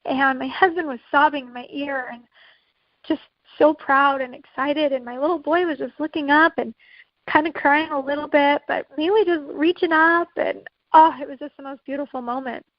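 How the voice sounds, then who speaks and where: A woman's voice: high voice, steady tone, normal speed, no echo, lo-fi sound. A woman co-hosting a podcast, earnestly telling her own emotional birth story. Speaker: podcast co-host.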